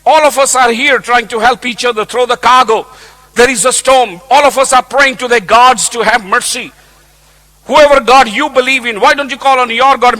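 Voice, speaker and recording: Brief: scolding, urgent ship captain, high voice, a preacher putting it on. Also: male voice, pushed and bright, low-quality recording. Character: angry ship captain, grown man.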